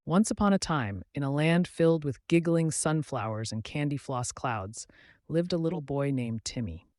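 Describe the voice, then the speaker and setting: A man narrating whimsical children's stories with a playful, expressive delivery. His voice sits slightly high. It is recorded dry and close. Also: moderate pace, dry recording. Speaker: storyteller. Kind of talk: scripted children's story narration.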